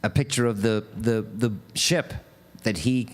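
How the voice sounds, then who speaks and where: A singer-songwriter man chatting casually between songs on a live stream, halting and rambling with many fillers. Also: fairly low pitch.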